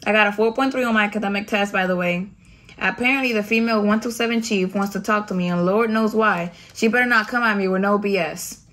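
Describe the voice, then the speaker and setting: A woman's voice: medium pitch, fast talker, a bit bright. A young adult woman vlogger from the United States recounts her Navy boot camp days in a casual storytime, talking in a slangy, candid and profane way.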